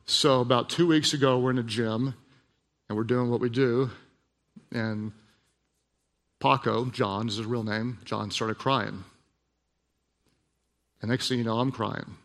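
A man preaching a sermon, telling a personal story in a hushed voice and then building to emphatic, repeated lines. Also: mid-range voice, fairly even intonation, measured pace, pauses often. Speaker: pastor. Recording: long hall reverb.

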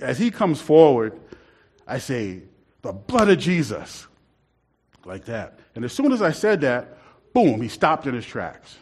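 A man telling a rambling church story in a casual, laughing way. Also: medium pitch. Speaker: church member telling a testimony.

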